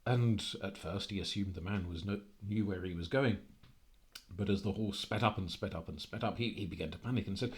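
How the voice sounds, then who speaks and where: Dramatic low-voiced male storyteller. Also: darkish tone. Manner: dramatic, swings between slow and hurried. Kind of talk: live folk-tale storytelling. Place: convention room.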